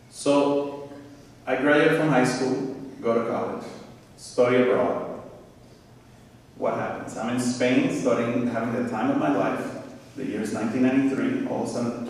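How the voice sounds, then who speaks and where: Puerto rican guy in his 30s giving a lively speech to students, far from the mic, lots of hall echo. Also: medium pitch, a little hiss or hum. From Puerto Rico. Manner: animated storytelling. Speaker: guest speaker. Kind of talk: school assembly speech.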